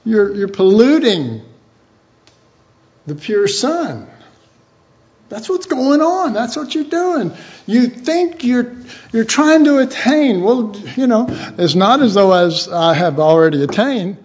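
A man with a high-pitched, darkish voice teaches the Bible at a slow, unhurried pace, staying informal and chatty. He is very animated and acts out little imagined dialogues along the way. The recording sounds dull and lo-fi.

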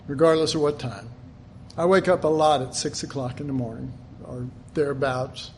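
A man's voice: on the high side, a little hiss or hum. A middle-aged man preaching a sermon, earnest and emphatic, often repeating himself.

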